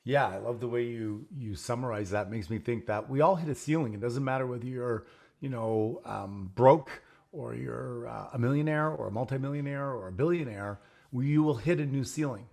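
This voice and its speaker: A man's voice: mid-range voice, moderate pace, gravelly, darkish tone. A man hosting a casual conversation, telling personal stories and acting out the quoted exchanges. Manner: storytelling, acts out quoted exchanges. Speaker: program founder and host.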